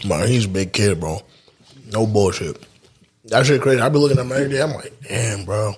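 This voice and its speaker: A man's voice: on the low side, steady tone, fast talker, slightly rough. A man co-hosting a podcast in a studio, joking around in loose, slangy casual chat. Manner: laid-back, joking, slangy. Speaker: podcast co-host. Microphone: studio mic, eating close to it.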